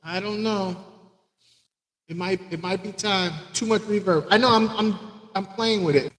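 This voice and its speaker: A high-pitched man hosts a casual live stream from home, rambling and repeating lines as he greets viewers by name. His voice sits close and dry on the mic, with little room sound. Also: moderate pace, fairly bright tone, dry recording, rough recording. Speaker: aquarium channel host.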